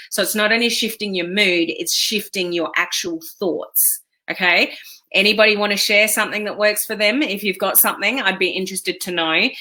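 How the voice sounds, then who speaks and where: A woman's voice: mid-range voice, sharp tone. A woman giving casual, encouraging motivational advice to her online community, chatty and full of fillers. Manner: chatty, encouraging, with many fillers and quoted self-talk. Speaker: online business coach.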